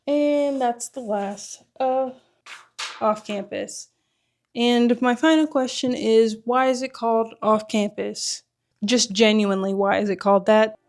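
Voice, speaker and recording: Casual woman vlogger, high-ish voice, opinionated recap, faint music underneath. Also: darkish tone. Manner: chatty, opinionated, frequent "like" fillers. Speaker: vlogger reviewing a TV show.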